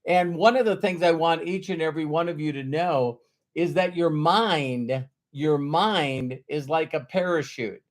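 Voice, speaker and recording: A man's voice: on the high side, unhurried. A man from North Dakota hosting a live stream as a motivational speaker, greeting viewers by name and repeating his key lines in an earnest, emotional way. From North Dakota, USA. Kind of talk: casual live-stream talk.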